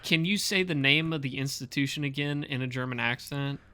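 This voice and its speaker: A man's voice: medium pitch, brisk, pushed and bright, slight background noise. A young man co-hosting a casual podcast, joking and bantering with his friend. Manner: joking, laid-back banter. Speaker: podcast co-host. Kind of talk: casual chat.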